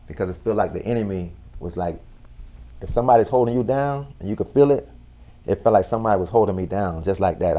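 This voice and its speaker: A man who is a guest on an interview show, earnestly telling a personal story in a slow, casual way with slang. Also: fairly low pitch, mellow, muffled recording.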